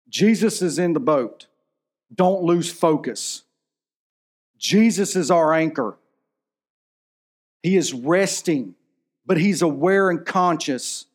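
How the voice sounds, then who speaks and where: A pastor in his forties delivers a sermon in a relaxed, storytelling way. His voice sits a bit high for a man, and he talks to the congregation like he's chatting with them. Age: 40s. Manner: conversational preaching, storytelling with movie anecdotes.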